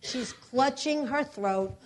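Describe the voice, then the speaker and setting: In a slightly high voice, a middle-aged female preacher gives a testimony in her sermon. She animatedly performs the voices and prayers of the people she describes.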